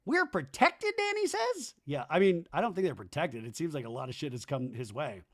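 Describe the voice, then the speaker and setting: A man hosting a podcast, recapping a TV episode in a gossipy, animated way. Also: mid-range voice, quick pace, no echo, studio quality. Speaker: podcast host. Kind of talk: comedic TV recap.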